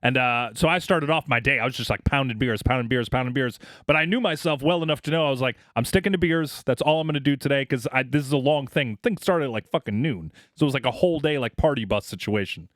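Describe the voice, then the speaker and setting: A man spins a long story with constant "like"s and swearing. His voice sits at an ordinary middle pitch. The sound is close and dry, with no room around it. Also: fast talker, few pauses, fairly bright tone, no room sound. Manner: rambling, profane, many fillers like "like" and "you know". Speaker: podcast co-host. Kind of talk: casual storytelling chat.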